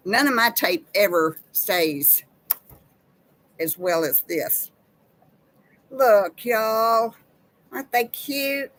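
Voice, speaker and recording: A woman's voice: on the high side, a bit bright, rough recording. A woman, hosting a casual live chat with viewers in a folksy, chatty way. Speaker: live-stream host.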